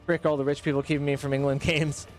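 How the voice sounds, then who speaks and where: Streamer, male, chatty and excitable, game music faintly under. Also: a little high, quick pace. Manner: chatty, reads chat, excitable. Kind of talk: live gameplay commentary.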